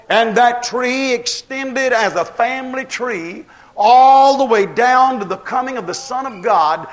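A man with a high voice delivers a fervent sermon in a drawl. He drives his points home with rhetorical questions to the congregation and acts out the voices he quotes. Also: fairly bright tone. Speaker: preacher.

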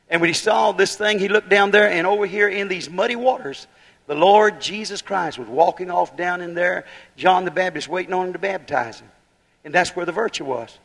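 A man's voice: high voice, creaky, a bit bright, long reverb tail. A man preaching a fiery holiness sermon, building to emphatic bursts and firing rhetorical questions at the congregation.

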